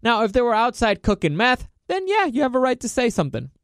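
A man's voice: extremely high pitch, fast talker, clean tone, no room sound, clean studio sound. A man hosting a solo podcast, ranting sarcastically with plenty of swearing and laughter. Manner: sarcastic, profane, mocking; animated, laughs often. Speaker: podcast host.

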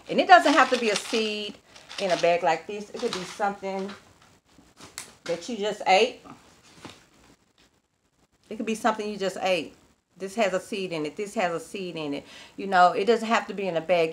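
A woman from Texas, talking casually to camera in a folksy, chatty way and laughing easily. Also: on the low side. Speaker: vlogger.

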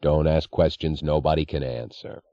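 A man's voice: extremely low pitch, steady tone, normal speed, dark tone, no echo, lo-fi sound. A man reading the part of a train fireman who talks in a wry, mocking way.

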